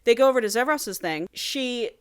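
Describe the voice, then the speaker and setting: A woman co-hosting a casual book podcast, retelling the plot with lively quoted dialogue. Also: on the high side, smooth, dry recording, clean studio sound. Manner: animated retelling, quick voiced quotes of characters. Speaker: podcast co-host. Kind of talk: casual book recap chat.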